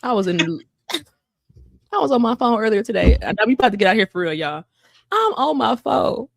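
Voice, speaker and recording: Woman podcast co-host, lively storyteller who swings her pitch a lot, dry close mic. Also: fairly quick, vocal fry, no room sound. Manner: animated storytelling, acts out quotes. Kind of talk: casual chat.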